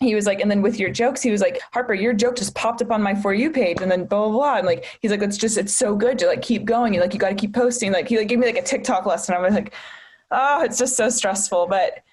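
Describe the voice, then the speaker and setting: A woman's voice: mid-range voice, quick pace, hardly any pauses, darkish tone. A young woman, a stand-up comedian, talking casually as a podcast guest, telling stories with quoted voices and a lot of swearing. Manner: chatty storyteller, quotes people, swears freely. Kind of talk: casual chat.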